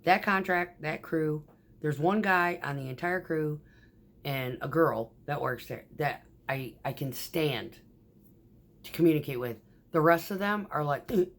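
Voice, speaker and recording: A woman who drives a concrete mixer truck, telling profane, animated stories about her workday in a casual vlog. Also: deep voice, unhurried. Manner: profane, animated, acts out quoted voices.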